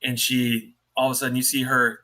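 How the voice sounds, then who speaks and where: A man's voice: mid-range voice, little pitch movement, brisk, bright, forceful tone. A man narrating as dungeon master in a tabletop game, in a loose style full of fillers.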